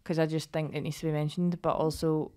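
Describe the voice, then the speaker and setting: A woman's voice: low-pitched, flat delivery, a little fast, warm tone, clear, resonant tone. A woman, chatting on a podcast, rambling and full of fillers. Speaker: podcast co-host. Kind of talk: casual chat.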